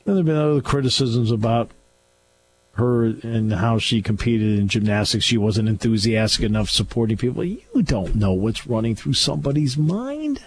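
A man's voice: medium pitch, animated, moderate pace, breathy edge. A man hosting a talk radio show in a studio, delivering an opinionated, sarcastic and scolding monologue.

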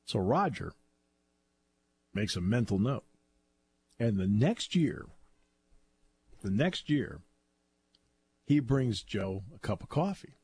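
A man hosting a sports talk radio show, chatting casually and telling animated stories with frequent laughter. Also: on the low side, takes it slowly, long pauses, slightly rough. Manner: animated storyteller, laughs often.

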